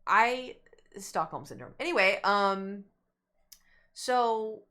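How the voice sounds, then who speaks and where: A woman's voice: lowish voice, normal speed. A young woman streamer telling a rambling story to her chat, acting out what people said. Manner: animated, rambling, acts out quotes.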